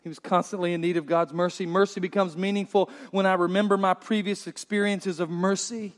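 A pastor delivering a sermon, preaching in an earnest, emphatic way. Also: male voice, sits high, level tone, brisk, big-room sound.

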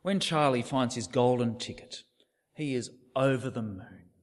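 A man's voice: medium pitch, a little slow, long reverb tail. A man preaching a sermon, asking rhetorical questions and dropping to near-whispers for effect.

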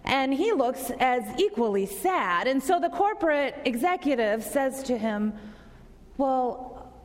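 A woman's voice: high voice, animated, measured pace, long reverb tail. A woman pastor giving a conversational sermon to a congregation, asking them questions.

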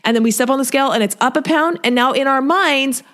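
A woman fitness coach hosting a solo podcast, chatty, acting out what people say and stressing key words by slowing down. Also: high-pitched, a bit bright. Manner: chatty, quotes people in asides, speeds up and slows for emphasis.

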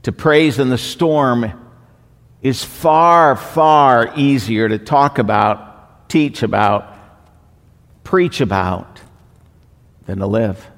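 A man preaching a sermon with slow, deliberate emphatic repetition. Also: mid-range voice. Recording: long hall reverb.

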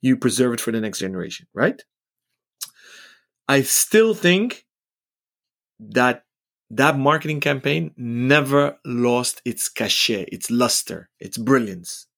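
Middle-aged guy on a podcast, blunt opinions, mid pitch, measured. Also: sing-song, creaky, a bit bright. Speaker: podcast co-host, watch retailer. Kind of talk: casual chat.

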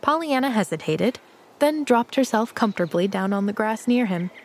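A woman narrating a children's classic as an audiobook, with gentle, measured storytelling. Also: on the high side, animated, a little hiss or hum.

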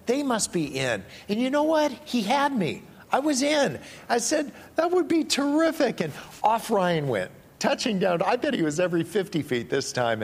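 Pastor, male, animated storyteller, husky voice, long hall reverb. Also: sits high. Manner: animated, playful storyteller acting out quotes. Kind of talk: sermon storytelling.

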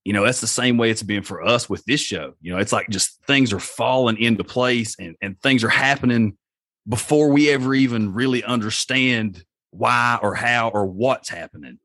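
A man on a podcast talking in a thoughtful, reflective and measured way. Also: medium pitch, a bit bright, no room sound, clean studio sound. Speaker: podcast guest. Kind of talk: casual podcast chat.

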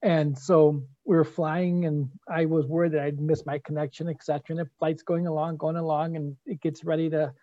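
A host in a casual interview, telling travel stories in a calm, reflective way. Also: mid-range voice, fairly quick, few pauses, dry recording. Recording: dull dry sound.

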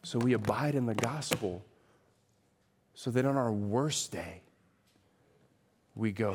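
A man's voice: slow pace, pauses often, slight background noise. Emphatic preaching man. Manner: emphatic, swings from loud rising peaks to quiet low passages; asks the congregation rhetorical questions. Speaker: pastor. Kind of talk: sermon.

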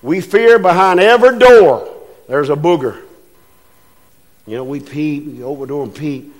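A man's voice: a little high, moderate pace. An older man preaching a folksy sermon, telling homespun stories and acting out the voices in them. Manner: homespun storytelling, acts out voices in anecdotes.

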